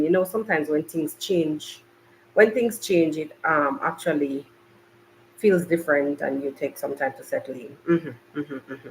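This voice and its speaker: A mid-range voice belongs to a Jamaican podcast host who chats and rambles straight to live viewers in a casual live-stream. He records on a laptop in a hot, bright makeshift home studio. The recording is rough, with a little hiss or hum.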